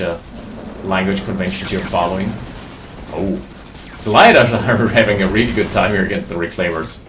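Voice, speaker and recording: A man giving live, excitable commentary on a strategy game, thinking aloud as he goes. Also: low voice, reverberant, background noise. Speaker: game caster.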